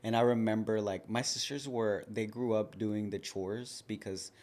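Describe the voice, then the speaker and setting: This thirty-something podcast guest has a lowish, darkish voice and keeps a steady tone at normal speed. Candid and casual, he shares his personal story, leaning heavily on "like" as filler.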